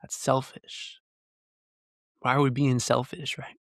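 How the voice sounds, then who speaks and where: A man's voice: mid-range voice, little pitch movement, slow pace, dry recording. Earnest ranting man, dry close mic. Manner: earnest, heated, full of rhetorical questions. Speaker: podcast host. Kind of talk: ranting solo podcast monologue. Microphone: podcast mic close up.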